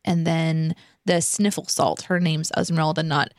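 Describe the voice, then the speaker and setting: A woman chatting on a podcast, animated and giggly. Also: sits low, normal speed, dry recording, studio quality. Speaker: podcast guest. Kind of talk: casual chat.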